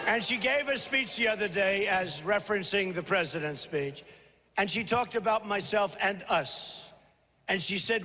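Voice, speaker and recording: An older man giving a punchy, repetitive rally speech to a large crowd, often shouting. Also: high voice, normal speed, slight background noise. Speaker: political candidate at a rally. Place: large convention hall. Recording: echoey hall with faint crowd.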